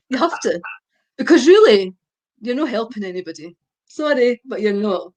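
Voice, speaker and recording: A woman's voice: on the high side, very animated, normal speed, darkish tone, slight background noise. An older woman, a guest expert, giving parenting advice in a podcast chat, stressing her points and checking in with "right?". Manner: emphatic, repeats points with a tag question.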